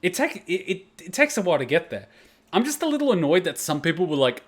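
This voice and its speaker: A man hosting a casual reaction video, animated and outspoken, swearing and laughing as he talks. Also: sits high, fast talker.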